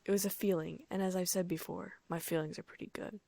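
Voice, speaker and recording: A woman reading a first-person fan fiction audiobook in a soft, often near-whispered voice. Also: fairly low pitch, fairly even intonation, quick pace, vocal fry, no room sound. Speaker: audiobook narrator.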